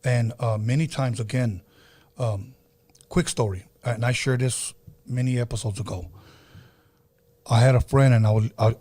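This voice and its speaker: An earnest man hosting a podcast tells a story in a casual, chatty way, circling back over his own words. His voice is husky and mellow, recorded dry and close. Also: mid-range voice, steady tone, moderate pace, pauses often, dry recording. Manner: earnest, repeats himself, acts out quoted voices. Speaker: podcast host.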